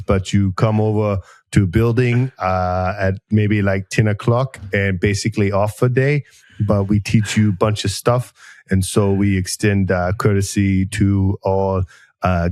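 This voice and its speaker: A man's voice: fairly low pitch, a little mellow, no room sound, close to an everyday voice. A man putting on a drawling West Texas Navy chief. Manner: slow, halting drawl. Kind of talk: comedic military parody.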